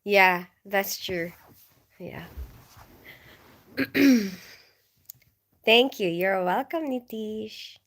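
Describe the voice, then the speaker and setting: A woman's voice: mid-range voice, drawn-out words, pauses often, fairly bright tone. A woman in her forties with a Filipino accent, chatting on a casual livestream, telling stories and answering viewers. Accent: Filipino English. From Philippines. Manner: chatty storyteller, giggles often, reads chat comments. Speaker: livestream host.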